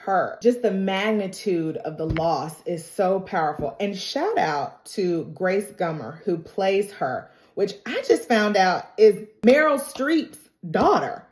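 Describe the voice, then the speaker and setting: A woman's voice: mid-range voice, expressive, takes it slowly, hardly any pauses, darkish tone, roomy sound. A woman recapping a TV drama in a casual, emotional, storytelling way, a bit stuffy from crying. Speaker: TV recap reviewer.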